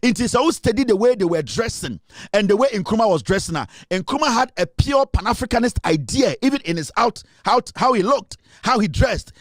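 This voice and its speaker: A man's voice: sits high, expressive, a little fast, no room sound, clean studio sound. A man with a Ghanaian accent delivering a heated, scornful political rant, repeating himself and mixing in Twi. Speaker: political commentator.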